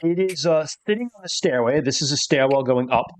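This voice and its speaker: A man narrating a tabletop game as game master, relaxed and filled with hesitations. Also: medium pitch, brisk.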